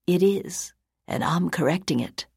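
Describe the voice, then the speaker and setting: A woman's voice: on the low side, expressive, measured pace, darkish tone, dry recording, studio quality, full character voice. Woman doing a resolute wealthy old lady. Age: 80s. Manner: firm, crisp, unbending.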